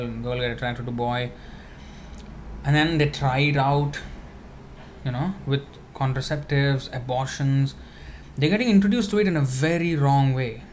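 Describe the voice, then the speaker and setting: A man giving a conversational spiritual talk, answering questions with many fillers and restarts, now and then laughing softly. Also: medium pitch, slight background noise.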